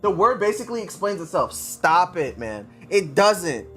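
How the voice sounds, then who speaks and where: A man's voice: high-pitched, sing-song, moderate pace, soft background music. An American man reading a story aloud on a livestream, stumbling over words and breaking off to comment on them. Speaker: streamer.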